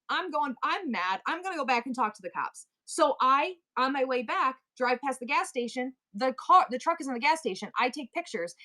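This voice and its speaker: Her voice sits high, and she's a chatty middle-aged woman who hosts and sells on live streams. She tells stories in a casual, animated, rambling way, full of asides and restarts.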